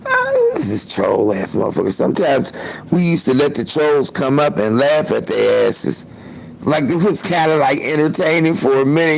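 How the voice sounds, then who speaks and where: Male livestream host, raised pitch, loose and profane, chats to viewers on a phone. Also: vocal fry, low-quality recording. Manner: loose, profane, chatty, laughs often. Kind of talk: casual livestream storytelling.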